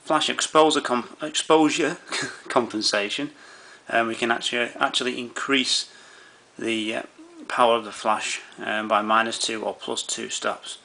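A man's voice: mid-range voice, fairly even intonation, a little slow, gravelly, pushed and bright. A man walking through camera menu settings in an easygoing way, with many fillers and restarts. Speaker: camera tutorial presenter. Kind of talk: explaining camera settings step by step.

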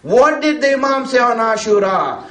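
A man's voice: very high-pitched, big pitch swings, normal speed, a bit bright. A man giving a religious talk to a gathering in a conversational way, filling it with "you know" and putting questions to his listeners. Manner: conversational, many fillers, asks the listeners questions. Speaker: preacher. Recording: roomy echo.

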